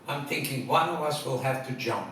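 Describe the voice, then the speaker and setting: A man with a mid-range voice shares funny personal anecdotes with a live crowd from a stage, speaking at a moderate pace, restarting lines clumsily and cracking up at his own punchlines. Picked up by a far-off mic, the sound echoes through the hall amid loud noise.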